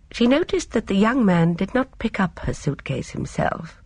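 A woman reading a novel aloud as a narrator, in measured storytelling. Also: mid-range voice, big pitch swings, a little mellow, slightly rough. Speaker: audiobook narrator. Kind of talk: scripted narration.

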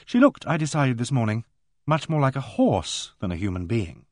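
Man, audiobook narration, lively intonation, dry close sound. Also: medium pitch, dry recording. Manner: measured storytelling with voiced dialogue. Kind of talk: scripted narration.

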